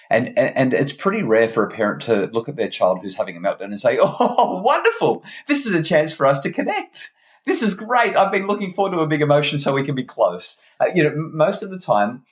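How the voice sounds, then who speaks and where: A man, a parenting expert guest on a podcast interview, talking in an animated, emphatic way and often restarting his words. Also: on the low side. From Australia.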